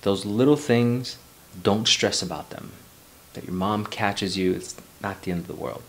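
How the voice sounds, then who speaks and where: A man's voice: on the low side, a little slow. A man in his forties from New York City telling a personal story in a loose, rambling way, swearing casually and drifting into life lessons. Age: 40s. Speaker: vlogger.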